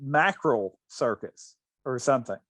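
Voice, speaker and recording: A man's voice: medium pitch, animated, normal speed, a bit bright, no echo. A man hosting a podcast, telling stories in casual chat with many restarts. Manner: rambling storyteller with many restarts. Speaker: podcast host.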